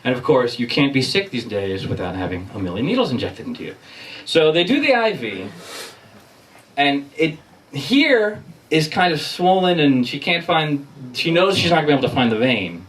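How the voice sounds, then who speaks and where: A man doing stand-up at a bar comedy night, telling a story in a profane, animated and self-mocking way. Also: medium pitch, moderate pace. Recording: distant mic with crowd laughter. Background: audience laughter.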